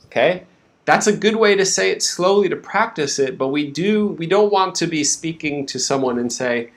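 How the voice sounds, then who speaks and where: A man's voice: a little high, normal speed. A man teaching English pronunciation in a live stream, patiently breaking words into sounds and repeating them for learners to copy.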